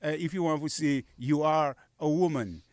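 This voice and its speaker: A man's voice: fairly high pitch, moderate pace, darkish tone, no echo, studio quality. A man, casually teaching dialect phrases on a radio show, patiently repeating each phrase. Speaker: guest teaching Kokoy dialect. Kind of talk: casual radio language lesson. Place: radio studio.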